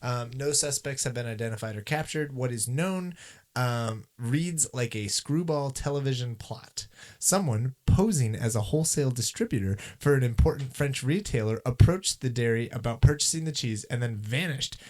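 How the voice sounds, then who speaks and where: A man's voice: medium pitch, animated, moderate pace, a little mellow. Joking man reading news on a podcast. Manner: stumbles over long words, jokey. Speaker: podcast co-host. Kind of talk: casual chat, reading news stories aloud.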